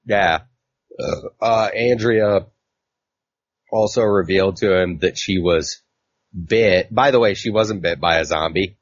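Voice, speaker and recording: A man's voice: low-pitched, slow pace, pauses often, dry recording. A man co-hosting a casual comic book podcast, recapping a story in a rambling way with lots of fillers. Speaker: podcast co-host. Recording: dull, lo-fi mic.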